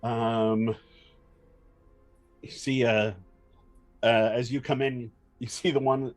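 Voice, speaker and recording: A man narrating a tabletop game as game master, pausing often with fillers and restarts. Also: medium pitch, level tone, soft background music. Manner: hesitant, many fillers and restarts.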